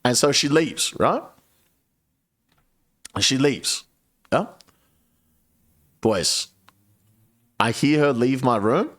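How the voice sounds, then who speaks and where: A man's voice: medium pitch, very slow, long pauses. A young man telling a sweary story while streaming a game. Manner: sweary, animated, lively storyteller. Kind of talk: casual storytelling while gaming.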